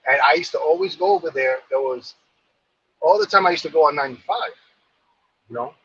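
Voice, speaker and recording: A man's voice: on the high side, fairly quick, fairly bright tone, breathy edge, highs cut off. Man from New York telling a rambling story. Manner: rambling, many fillers and repeated phrases. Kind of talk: casual storytelling.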